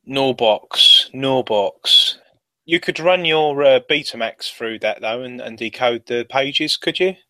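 A man co-hosting a casual podcast chat, chatty with quick asides. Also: mid-range voice, pushed and bright, no echo. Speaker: podcast co-host.

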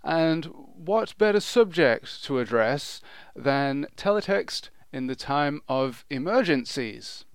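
A man's voice: a little high, lively intonation, slow, few pauses, clean tone, dry recording. A man hosting a podcast, opening with upbeat, presenter-like introductions in casual chat. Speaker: podcast host.

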